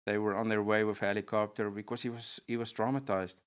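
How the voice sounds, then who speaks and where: A man's voice: lowish voice, level tone, fast talker, clean tone. A man, a pastor, earnestly telling a personal testimony in conversation, with frequent restarts. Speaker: pastor and guest.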